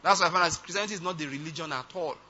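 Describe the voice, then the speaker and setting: A man's voice: a little high, very fast, sharp tone. A man preaching a conversational sermon, often checking whether listeners follow his point. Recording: dull lo-fi sound.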